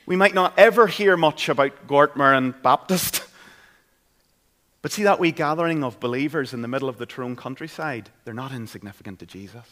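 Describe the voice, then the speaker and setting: A man's voice: on the high side, moderate pace, pushed and bright. A man with a Northern Irish accent preaching a sermon in a church, in an earnest, conversational way. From Northern Ireland. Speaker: pastor.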